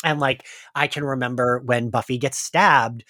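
A man in his thirties hosting a podcast, telling stories in an animated, chatty way, still a little congested from crying. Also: medium pitch, moderate pace, no echo, clean studio sound. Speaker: podcast host. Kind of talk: casual chat.

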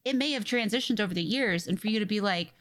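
Podcast co-host: woman, middle pitch, quick and chatty. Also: a bit bright. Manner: quick, chatty, hedges her claims. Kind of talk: casual chat.

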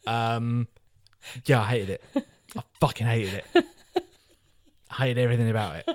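A man's voice: mid-range voice, moderate pace, long pauses, no room sound, studio quality. Swearing, ranting man. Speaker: film review podcast host. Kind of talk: casual chat.

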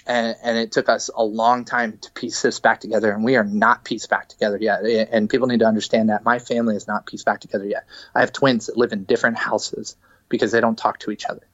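Halting, emotional man telling his story. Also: fairly low pitch, flat delivery, fairly bright tone, no room sound, dull audio. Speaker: guest, musician. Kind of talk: candid podcast interview. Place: podcast studio.

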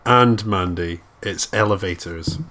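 A man's voice: low voice, a little slow, bright, forceful tone, a little hiss or hum. A man hosting a quiz segment on a casual podcast, teasing and dry, with frequent fillers and restarts. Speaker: quiz host.

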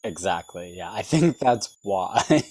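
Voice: low voice, animated, takes it slowly, dark tone, a little hiss or hum. A podcast guest chatting casually, loose and joking, laughing often. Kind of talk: casual chat.

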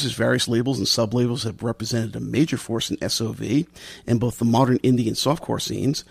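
A man hosting an interview, reading a measured, articulate introduction and asking questions. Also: mid-range voice, creaky, a little mellow, no echo. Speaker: podcast host.

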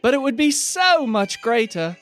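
A man's voice: very high-pitched, very animated, measured pace, fairly bright tone, faint music behind, voice pushed up, exaggerated voice. A man putting on a British accent to read a listener's poem in an exaggerated proper manner. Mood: mock-proper. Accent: British, put on.

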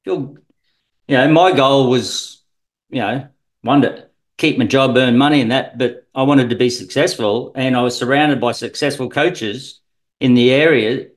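A man talks casually about coaching in a mid-pitched voice. His speech rambles, full of restarts and fillers. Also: measured pace, rough recording. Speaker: swim coach guest. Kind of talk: casual podcast chat.

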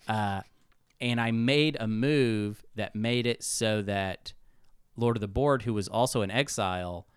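Clear-voiced man in casual board game chat. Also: on the low side, unhurried, dry recording, studio quality. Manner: rambling, jokey, self-interrupting. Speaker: podcast co-host.

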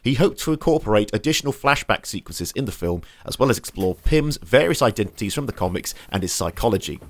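A man co-hosting a casual film podcast, reading production notes aloud and chatting in an animated, halting way with frequent laughs. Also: lowish voice. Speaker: podcast co-host.

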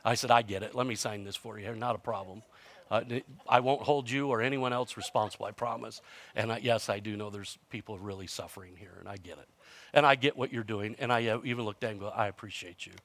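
A man's voice: lowish voice, fast talker, a bit bright. A man in his fifties preaching a sermon in a conversational storytelling way, with self-mocking humor and frequent restarts. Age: 50s. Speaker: pastor.

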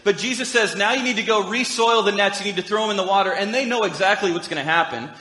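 A man's voice: sits high, fast talker, sharp tone. A man preaching a sermon in a conversational, storytelling way with humorous asides. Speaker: pastor. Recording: echoey hall reverb.

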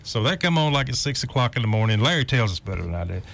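A man's voice: mid-range voice, very animated, fast talker, creaky, fairly bright tone. A man hosting a casual radio talk show, telling folksy anecdotes with plenty of fillers. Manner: storytelling, folksy, trails off with fillers.

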